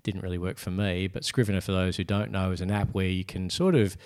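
A man's voice: deep voice, fast, clean tone. A middle-aged man, an author telling his story in a casual interview and acting out the voices of people he quotes. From Australia. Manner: animated, acts out quoted voices.

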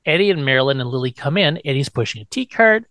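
A man's voice: mid-range voice, animated, quick pace, a bit bright, no echo. A man casually recapping a TV episode, acting out quotes in silly voices. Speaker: podcast host recapping an episode.

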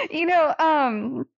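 A woman co-hosting a podcast chats casually, giggling and using lots of fillers and playful put-on voices. Her voice sits high with vocal fry, and the recording is muffled but echo-free.

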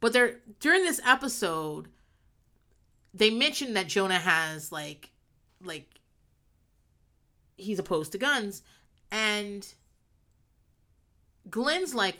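A woman's voice: medium pitch, sing-song, slow pace, pauses often, pushed and bright. A young woman chatting casually and rambling, laughing often and acting out characters' lines as she recaps a sitcom.

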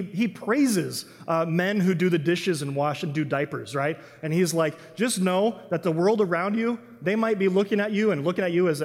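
A man's voice: a little high, big-room sound. A man giving an enthusiastic, chatty sermon as a pastor, with frequent restarts. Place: church sanctuary.

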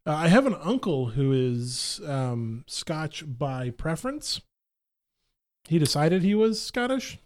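A man co-hosting a casual chat, wry and hesitant, drawing out his words with pauses. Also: on the high side, very animated, a little mellow.

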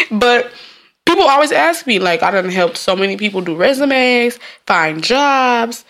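A woman's voice: on the high side, expressive, unhurried, fairly bright tone. A woman from Jamaica hosting her own podcast, talking in a rambling, casual way and laughing often. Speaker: podcast host. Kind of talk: casual solo podcast monologue.

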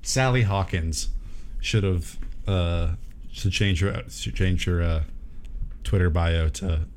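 A man's voice: deep voice, slow, pauses often, a little mellow, a little hiss or hum. A man co-hosting a podcast in casual chat, cracking jokes and laughing freely. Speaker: podcast co-host.

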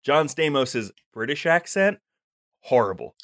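A man in a casual podcast chat, rambling on about a show with plenty of fillers and restarts. His voice sits at an ordinary pitch, recorded close and dry with no room sound. He talks with real enthusiasm. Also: big pitch swings, measured pace, fairly bright tone, no room sound. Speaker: podcast co-host.

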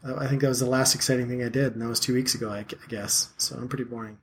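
A man in his thirties chatting as a podcast host, with a voice of middling pitch. He rambles loosely, packs his sentences with filler words and often pokes fun at himself. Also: fairly even intonation, rapid-fire, a little hiss or hum. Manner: rambling, lots of "like" fillers, self-deprecating. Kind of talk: casual podcast chat.

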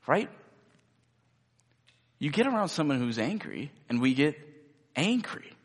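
A man's voice: a little high, very animated, a little slow, pauses often, a bit bright, in a large hall. A man preaching a sermon in a loose, conversational way, often checking in with the listeners. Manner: conversational, many rhetorical "right?" tags. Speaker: pastor.

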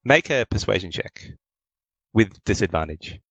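A man narrating a tabletop role-playing game as game master, relaxed and full of fillers. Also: lowish voice, measured pace, no echo, poor audio.

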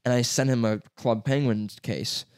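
A man's voice: medium pitch, steady tone, moderate pace, clear, resonant tone, no echo, clean studio sound. A young man with a stuffy nose, co-hosting a podcast in casual, rambling chat, swearing and laughing often. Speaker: podcast co-host.

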